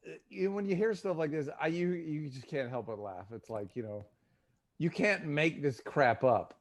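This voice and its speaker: A man from Texas chimes into a casual podcast talk, sounding incredulous and breaking into laughter. His pitch is high and swings widely. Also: lively intonation, normal speed. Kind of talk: casual chat.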